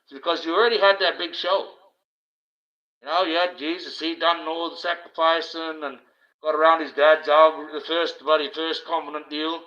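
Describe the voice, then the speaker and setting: A man hosts a livestream, talking in a rambling, preachy way that turns blunt and profane. His voice is bright and forceful. The audio is dull and lo-fi, like a webcam or phone mic. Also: fairly high pitch, flat delivery, moderate pace. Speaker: livestream host. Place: indoors, wearing a mask.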